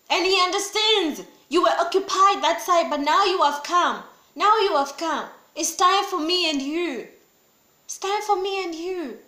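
Woman preacher, very high and sharp voice, insistent repetitive sermon delivery. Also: roomy sound. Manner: emphatic and repetitive, swinging from loud pleading to low grave tones.

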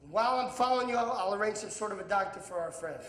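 An actor playing a brash, hot-tempered gangster who swears, blusters and mocks in film dialogue. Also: male voice, high voice, expressive, rapid-fire, a crowd in the background. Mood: commanding. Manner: profane, blustering, sarcastic. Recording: echoey film soundtrack with long reverb.

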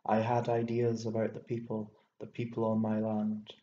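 A man's voice: lowish voice, completely flat delivery, normal speed, natural voice. A man doing a wheezing, scornful old Irish landowner. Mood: rueful. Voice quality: wheezing, scornful, bursts into shouting. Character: hot-tempered bitter old male landowner, drinking. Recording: dull lo-fi with faint hiss.

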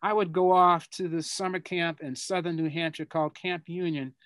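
Older Boston man, halting and reflective. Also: on the high side, fairly even intonation, a bit bright, smooth, no room sound. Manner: reflective, halting, repeats words while searching for them. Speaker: guest speaker. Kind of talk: answering students' questions over a video call. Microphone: video call.

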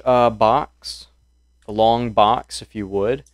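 A man's voice: lowish voice, fairly even intonation, takes it slowly, no room sound. Dry-voiced male game master. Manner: descriptive, loose, with many ums and uhs. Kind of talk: narrating a tabletop horror game.

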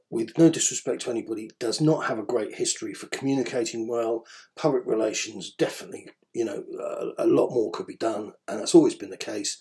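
A gravelly-voiced man talks through his daily podcast at a middling pitch. He rambles, hesitates over frequent ums, and keeps a dry, wry tone. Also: dark tone. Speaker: podcast host. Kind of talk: casual spoken commentary.

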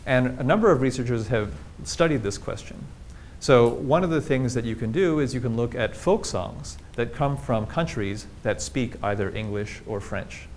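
A man's voice: mid-range voice, slight background noise. A man giving a public linguistics lecture with slides, explaining things plainly and throwing rhetorical questions at the audience.

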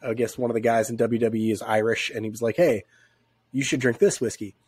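Brisk yet a little mellow, this husky, medium-pitched male voice holds a steady tone with no room sound. Congested and sick at home, he co-hosts a sports podcast, chatting casually with frequent laughter and meandering tangents.

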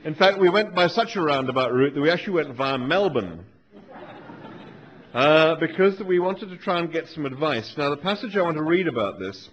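Dry, wry man with a high voice. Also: moderate pace. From England. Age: 40s. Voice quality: dry, wry, deadpan asides. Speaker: author giving a live reading. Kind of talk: humorous live talk. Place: lecture hall with an audience. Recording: dull lo-fi live recording with faint noise.

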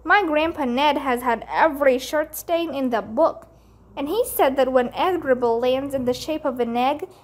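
A woman's voice: high-pitched, moderate pace, natural voice. A woman doing a dramatic scheming little boy.

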